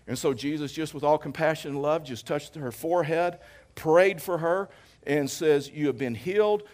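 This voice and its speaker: A man's voice: on the high side, fairly even intonation, normal speed, darkish tone. A man in his fifties preaching a sermon as pastor, casual and anecdotal, repeating phrases for emphasis. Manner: conversational, anecdotal preaching with jokes.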